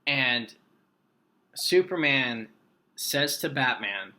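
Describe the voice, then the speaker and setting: A man gives a casual, rambling movie review in a vlog, with frequent excited bursts. His voice sits at middle pitch and sounds bright and forceful. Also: extremely slow.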